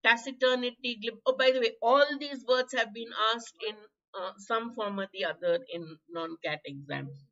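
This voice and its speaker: Woman, Indian English accent, hoarse exam-prep teacher; bright, high voice, muffled stream audio. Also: moderate pace. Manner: chatty, quizzing students by name, coughing. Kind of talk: live online vocabulary class.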